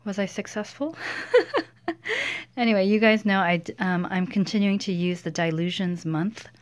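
A woman's voice: medium pitch, fairly even intonation, normal speed. A woman hosting a casual crafting video, chatting through her project with many fillers and a self-deprecating manner. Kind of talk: casual crafting show-and-tell.

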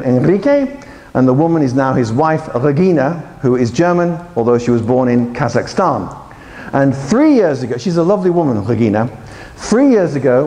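A man giving a lively, joking conference talk to teachers and quizzing the audience as he goes. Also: on the high side. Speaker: conference speaker. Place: large conference hall. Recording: echoey hall with faint ambience.

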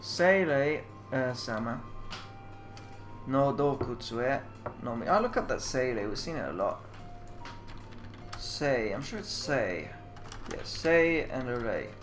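A man's voice: medium pitch, sing-song, slow pace, pauses often, a bit bright, faint music behind. A man playing a game and commenting in English, working through its Japanese text line by line and often trailing off to second-guess himself. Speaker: let's player.

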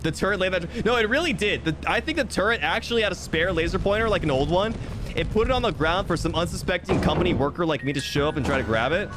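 Goofy male streamer for gameplay commentary, lively swooping pitch, piano music behind. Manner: playful, rambling, self-mocking jokes. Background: piano game music.

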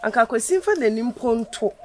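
A woman's voice: fairly high pitch, lively intonation, fast talker, slight background noise, natural voice. An actress playing a distraught young woman who pleads with her sister, wailing and repeating herself. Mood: pleading, tearful. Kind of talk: Ghanaian film drama acting.

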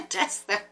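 Doing a laid-back tarot reading, this woman is lively and talkative, often repeating herself and starting words over as she thinks out loud, with a casual curse now and then.

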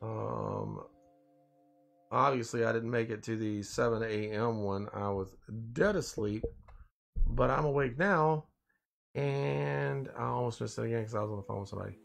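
A man's voice: medium pitch, normal speed, gravelly, faint music behind. A man hosting a casual morning live stream, tired and groggy after little sleep, rambling along and greeting his viewers by name.

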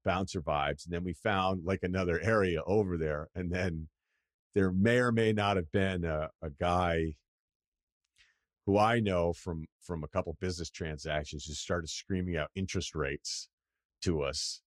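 A man's voice: low voice, a little slow, no room sound, studio quality. A middle-aged man hosting a podcast, telling a rambling, profane, self-deprecating story in casual chat. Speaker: podcast host.

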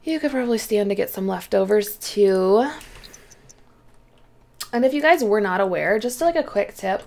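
A woman's voice: medium pitch, lively intonation, normal speed, creaky, darkish tone. A woman hosting a let's play, chatting casually through her gameplay, often exclaiming and talking to the characters on screen.

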